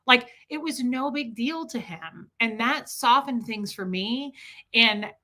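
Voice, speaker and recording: A woman hosting a livestream, answering viewer questions in a casual, animated, rambling way. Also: fairly high pitch. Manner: animated rambling storytelling, quick bursts. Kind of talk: casual chat.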